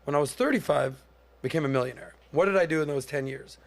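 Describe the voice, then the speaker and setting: A man's voice: fairly high pitch, fast. A man in his forties, a podcast host, telling a casual story with energy and acting out quotes in mock voices. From Miami area.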